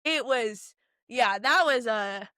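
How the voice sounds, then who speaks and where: A young woman with a high, bright voice co-hosts a podcast and tells stories with animated energy, laughing between the lines. The sound is close and dry. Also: clean tone, no echo. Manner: animated storytelling, quick to laugh. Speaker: podcast co-host. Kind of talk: casual chat.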